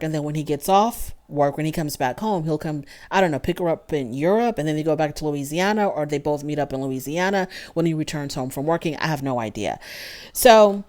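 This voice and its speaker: A woman hosting a casual reality TV recap, opinionated and animated, thinking aloud with restarts. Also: sits low. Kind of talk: casual commentary.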